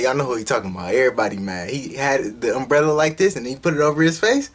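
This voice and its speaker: Excitable husky man reacting to music. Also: mid-range voice, fast. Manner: loud, excitable, heavy swearing, street slang. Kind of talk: casual reaction vlog.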